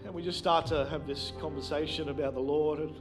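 A man's voice: on the high side, steady tone, a little fast, over music. A male pastor preaching a sermon to a live congregation on a handheld microphone, telling a personal story with self-deprecating jokes. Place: church, speaking to a live congregation.

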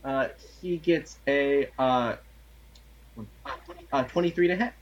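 A man running a tabletop role-playing game as game master, talking casually with many pauses and fillers. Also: mid-range voice, muffled recording.

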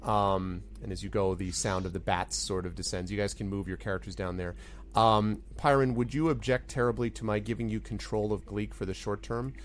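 A man's voice: fairly low pitch, fairly even intonation, brisk, slight background noise. A man narrating as game master of a tabletop game, laid-back and hesitant with many fillers.

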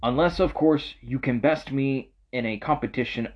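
A man's voice: mid-range voice, moderate pace, background noise, lightly acted. A man voicing a cocky male supercomputer in a tabletop gamebook, speaking in stiff, haughty pronouncements. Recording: muffled lo-fi audio.

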